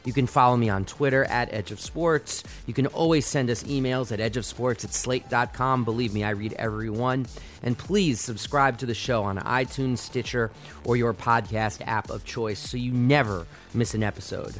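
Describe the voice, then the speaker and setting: A man's voice: medium pitch, moderate pace, faint music behind. A man hosting a sports podcast, delivering impassioned, argumentative solo commentary.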